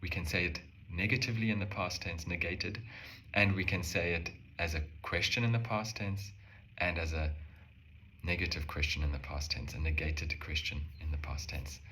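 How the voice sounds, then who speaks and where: A man calmly explaining a language lesson step by step, slowing down to say example phrases. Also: sits low, slight background noise. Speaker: language teacher.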